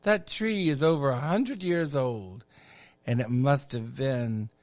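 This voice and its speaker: A man's voice: mid-range voice, slow pace, darkish tone, dry recording. A man voicing a gracious older woman film actress who speaks in a faux British elocution-class accent, refined and theatrical. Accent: faux British stage accent.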